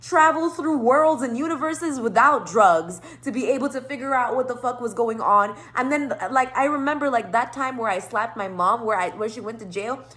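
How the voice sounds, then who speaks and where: Animated, laughing woman telling a story. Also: on the high side, moderate pace, hardly any pauses. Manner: animated, frequent laughter, heavy swearing, rambling asides. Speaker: tarot channel host. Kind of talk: casual storytime monologue.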